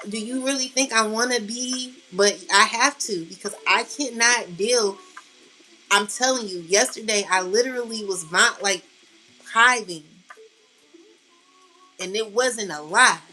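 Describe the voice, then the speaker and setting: Close to crying, a woman who reads tarot speaks to her viewers in a passionate, blunt, emotional spiritual monologue, cursing freely and addressing them as "collective" and "baby". Her mid-range voice sounds bright and forceful. The low-quality recording carries a little hiss or hum.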